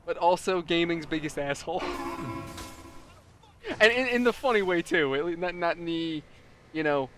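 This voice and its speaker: A man's voice: on the high side, normal speed, long pauses, fairly bright tone, a little hiss or hum. A man hosting a gaming video, telling a story in casual chat with lots of laughter and voiced quotes. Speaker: let's play host.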